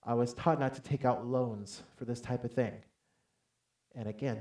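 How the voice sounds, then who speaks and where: A man giving a motivational talk from a stage to a live audience, telling a personal story with lively acted-out dialogue and calling on the crowd to answer. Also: mid-range voice, normal speed, roomy sound. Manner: animated storytelling, acts out dialogue loudly, calls for audience responses. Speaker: motivational speaker. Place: large hall on stage.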